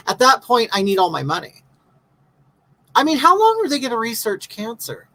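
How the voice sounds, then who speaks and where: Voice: mid-range voice, sing-song, fairly quick, sharp tone, low-quality recording. A livestream host in their fifties talks straight to viewers, reading their comments aloud between long rants. The delivery is blunt and sarcastic. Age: 50s.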